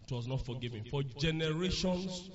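A man's voice: a little high, normal speed, crowd noise. A man preaching a sermon in a church, asking the congregation questions and answering them himself. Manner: animated preaching with call-and-response questions. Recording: lo-fi recording with congregation behind.

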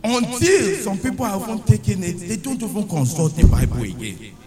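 A man's voice: high-pitched, sing-song, fairly quick, crowd noise. A man with a Nigerian accent preaching a sermon to a congregation, mixing Yoruba into his English and calling for responses. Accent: Nigerian, Yoruba-influenced. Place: church hall with congregation. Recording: echoey church hall with congregation.

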